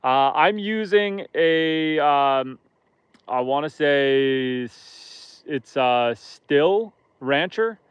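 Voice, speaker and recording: A man's voice: fairly high pitch, animated, very slow, smooth, dry recording. A man hosting a casual live stream outdoors on a lake from a boat, chatting with viewers in a joking, self-deprecating way.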